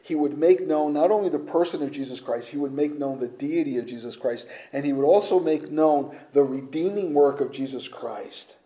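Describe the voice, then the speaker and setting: A man preaching a sermon, emphatic, shifting between loud declarations and hushed, almost whispered lines. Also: on the high side, moderate pace, few pauses. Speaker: pastor.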